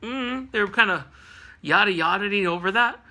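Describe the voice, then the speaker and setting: A man's voice: high-pitched, normal speed, gravelly, bright, forceful tone. A man casually recapping a comic issue with rambling, jokey asides. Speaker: comic book reviewer.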